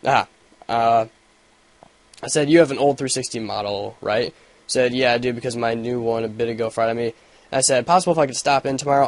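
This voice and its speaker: A young man telling a story in a casual vlog, swearing a lot and rambling, with sudden loud rants. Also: medium pitch, no room sound. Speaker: gaming vlogger. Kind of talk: casual ranting vlog update.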